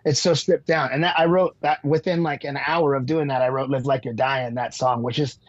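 A man's voice: mid-range voice, fairly even intonation, fairly quick, no room sound, dull audio. A man, a musician guest on a podcast, telling rambling stories with lots of fillers and casual swearing.

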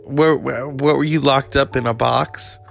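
A man's voice: medium pitch, fairly even intonation, creaky. A man hosting a crude comedy podcast, teasing his guest with faint music behind. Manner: crude, teasing, fast-cutting. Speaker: podcast host.

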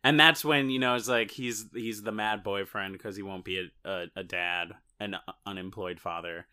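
A man's voice: fairly low pitch, steady tone, normal speed, pushed and bright, smooth. A man co-hosting a casual podcast, talking through a movie in rambling, self-interrupting sentences with joking asides. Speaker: podcast co-host. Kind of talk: casual movie-recap chat.

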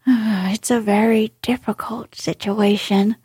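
A woman voicing a sensible, calm male water rat in a storybook, in whispered role-play, hushed and reassuring. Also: mid-range voice, unhurried, slightly rough, no echo. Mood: thoughtful.

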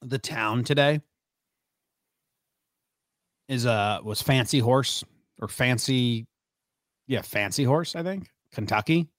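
A laid-back man chatting on a podcast, rambling along with plenty of filler words. His voice sits at an ordinary middle pitch. The sound is close and dry, with no room around it. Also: slow pace, long pauses, fairly bright tone, no room sound. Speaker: podcast co-host. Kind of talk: casual chat.

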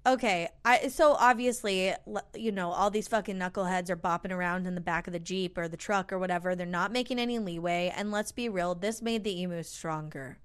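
A woman's voice: lowish voice, fairly quick, few pauses, clean tone. A woman co-hosting a podcast, chatting casually, swearing and joking. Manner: profane, jokey, laughs a lot. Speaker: podcast co-host. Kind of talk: casual storytelling chat.

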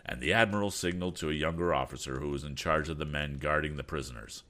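Man, audiobook reader, deep voice, animated delivery, bright tone. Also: quick pace, few pauses. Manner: casual asides, occasional slips. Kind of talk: reading an old adventure novel aloud.

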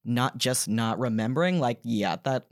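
A woman's voice: a bass voice, moderate pace, dry recording. Candid trans woman on a dry podcast mic. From American South. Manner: candid, animated when retelling exchanges. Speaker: podcast guest. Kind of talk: casual podcast conversation.

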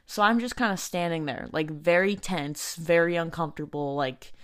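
A young woman recounting a story on her podcast, her voice sitting a little low for a woman. She talks casually, stacking up fillers and restarting her sentences as she goes. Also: fairly bright tone, clear, resonant tone. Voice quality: heavy use of filler "like", halting restarts. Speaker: podcast host.

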